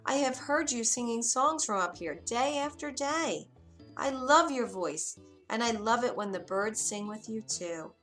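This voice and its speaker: A gentle young prince from a bedtime storybook, earnest and reassuring, played by a woman. His lines sound bright and clear. Faint music plays underneath. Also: on the high side, expressive, measured pace, voice pushed up. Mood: kind. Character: gentle young male prince, curious and kind. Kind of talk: storybook reading.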